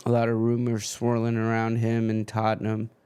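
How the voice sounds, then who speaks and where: A man's voice: on the low side, monotone, normal speed, mellow, clear, resonant tone. A man hosting a live football watchalong stream, swearing and grumbling as his stream keeps freezing.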